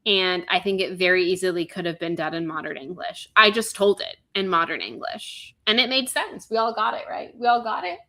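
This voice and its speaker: A woman's voice: lowish voice, fairly quick, few pauses, sharp tone. A woman in her thirties co-hosting a podcast, delivering a comedic, exasperated rant full of sarcasm and swearing. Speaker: podcast co-host.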